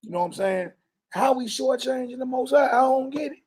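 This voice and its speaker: A man preaching an informal sermon to a live group, talking colloquially and loudly stressing his points. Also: extremely high pitch, fairly quick, breathy edge. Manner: loud emphatic bursts, colloquial, laughs often.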